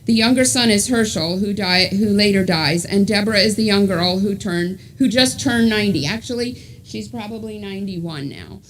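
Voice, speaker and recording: A woman's voice: mid-range voice, moderate pace, few pauses, a little hiss or hum. A middle-aged woman with a New York accent, giving a chatty author talk that she often interrupts herself in. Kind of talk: casual talk with reading aloud.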